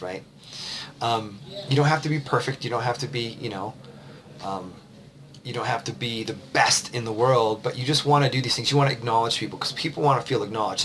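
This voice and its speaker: A man's voice: mid-range voice, a bit bright, slight background noise. A man, a confidence coach, giving casual, rambling advice to the camera while a bit tired. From United States. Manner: conversational, loose, with fillers and restarts.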